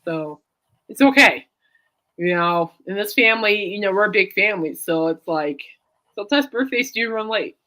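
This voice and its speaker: A woman's voice: medium pitch, animated, moderate pace, sharp tone. A woman hosting a casual chat show, rambling and giggling as she tells everyday stories. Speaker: podcast host.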